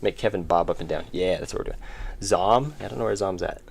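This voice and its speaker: A man's voice: low-pitched, a little fast, vocal fry, slight background noise. A man streaming his indie game development, chatting casually and rambling with chat while he works. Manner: rambling, self-interrupting, chuckling.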